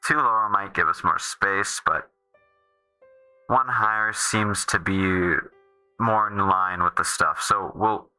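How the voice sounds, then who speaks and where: Lowish bright guy rambling on his game stream, lots of restarts. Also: a little slow, pauses often, smooth, soft background music, low-quality recording. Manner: rambling, self-interrupting, restarts often. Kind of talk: casual game stream chat.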